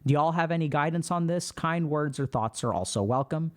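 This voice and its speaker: A man hosting a stream, reading a viewer's post aloud and explaining his thoughts in a calm, reflective way. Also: fairly high pitch, a little fast. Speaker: host.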